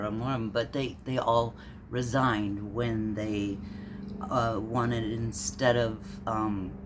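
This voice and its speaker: Woman, from Minnesota, rambling rant, profane, halting, unhurried delivery. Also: a bass voice, a little hiss or hum. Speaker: vlogger. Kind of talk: ranting monologue.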